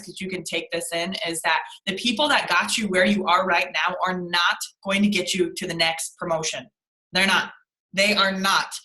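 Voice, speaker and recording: A woman's voice: mid-range voice, sharp tone, reverberant, rough recording. A young adult woman leading a motivational team call on a video call, speaking emphatically and repeating lines for stress. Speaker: team leader.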